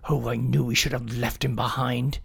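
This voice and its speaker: A man's voice: medium pitch, level tone, moderate pace, vocal fry, slightly rough, full character voice. A man voicing a grumpy, territorial male tree frog in a storybook, grumbling and impatient. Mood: defensive.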